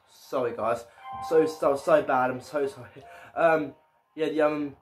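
A man's voice: fairly high pitch, slight background noise. A man giving casual let's-play commentary as a gaming YouTuber, often stumbling and repeating his words.

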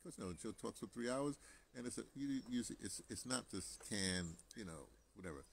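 A man's voice: on the low side, lively intonation, moderate pace, gravelly, slight background noise. An American man talking to camera in a rambling, casual monologue, chatty and digressive, with many restarts and asides. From United States. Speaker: vlogger.

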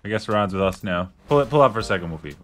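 A man's voice: lowish voice, lively intonation, racing, a bit bright, faint music behind. A man hosting a gaming video, playing a police officer with laid-back jokes and frequent laughter. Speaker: host, player in police roleplay. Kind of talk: gaming roleplay banter.

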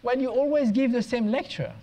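A man's voice: very high-pitched, a little fast, warm tone, voice pushed up. A man voicing a bold, cocky male chauffeur in a joke told during a talk. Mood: cheeky.

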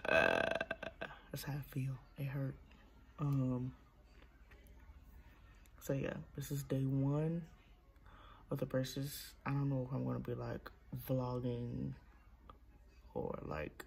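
A woman's voice: extremely low pitch, gravelly, warm tone, slightly rough. A young woman chatting casually in a vlog, talking through a sore mouth from new braces and dropping at times into whispers. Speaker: vlogger. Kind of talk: casual vlog chat to camera.

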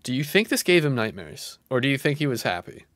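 A man in his thirties gives casual live reaction commentary. He is excitable and swings from loud outbursts to low muttering. His pitch moves a lot, and the sound is dry and close. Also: fast talker, dry recording. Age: 30s. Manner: excitable, jumps between shouting and muttering. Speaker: live streamer.

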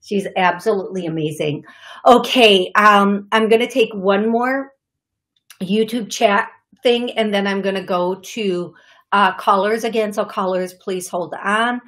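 A woman's voice: medium pitch, a little slow, a bit bright. A woman hosting a live call-in psychic show, talking in an effusive, gushing way with many fillers. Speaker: psychic medium show host. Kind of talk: live call-in show, reading viewer messages. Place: studio.

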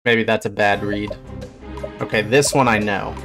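A man's voice: fairly low pitch, fairly even intonation, normal speed, fairly bright tone, soft background music. A man, a fish biologist streamer, giving casual reaction commentary, blunt and swearing, bursting into surprised questions.

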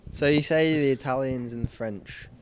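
A young man from Europe co-hosting a podcast in casual chat, asking questions and teasing, speaking in a halting way. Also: medium pitch. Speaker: podcast co-host. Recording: clear background noise.

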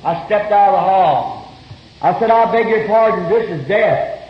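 A man preaching a fervent sermon, telling stories earnestly and breaking into shouts now and then. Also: high-pitched, expressive, measured pace, slight background noise. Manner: earnest storytelling, bursts of shouting. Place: church meeting hall. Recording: roomy lo-fi 1961 sermon tape.

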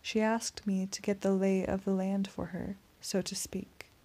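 A woman voicing a suave male vampire in an audiobook, speaking in a soft, courteous, menacing purr. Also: medium pitch, flat delivery, unhurried. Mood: silky menace. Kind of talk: audiobook character reading.

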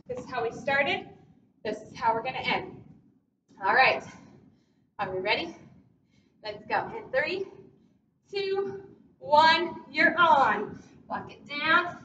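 A woman's voice: high voice, pushed and bright. A woman leading a guided workout as a fitness instructor, cheering people on with upbeat cues and countdowns, a bit out of breath. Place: large echoey gym. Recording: echoey, distant, dull, noisy.

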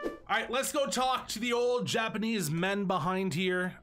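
A man's voice: high-pitched, animated, moderate pace, fairly bright tone, faint music behind. A young man giving crude, joking commentary while playing a video game. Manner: crude, joking, profane banter. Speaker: let's play streamer. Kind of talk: casual gameplay commentary.

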